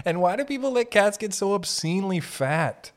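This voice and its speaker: A man hosting a comedy podcast, rambling through jokes in a giggly, profane way as he jumps from one bit to the next. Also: high voice. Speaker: podcast host.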